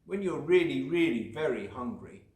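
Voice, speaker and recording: Man, mid voice, gentle kids' Bible storyteller, echoey room. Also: medium pitch, animated, moderate pace. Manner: gentle, questioning, explaining. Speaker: church children's leader. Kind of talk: storytelling lesson for children.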